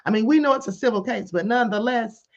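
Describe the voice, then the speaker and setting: A woman hosts a casual commentary livestream and speaks to her chat directly, calling them beloveds and honey. Her voice sits a little high. The stream audio sounds dull and lo-fi, and her delivery is animated. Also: fast talker. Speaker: livestream host. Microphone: computer or headset mic on live stream.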